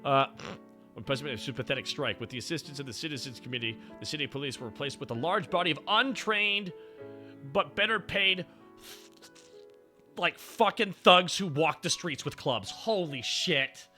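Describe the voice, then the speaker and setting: A young man streaming while driving, reading history aloud with animated, profane, sarcastic asides. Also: on the high side, moderate pace, soft background music.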